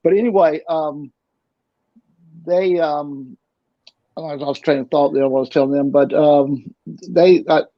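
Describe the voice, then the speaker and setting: A man's voice: on the high side, fairly even intonation, measured pace, long pauses, dry recording. A middle-aged man, a guest telling a long personal story in casual talk, rambling and restarting his sentences often. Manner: rambling, with frequent restarts and repeats. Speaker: interview guest. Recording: dull, lo-fi dry recording.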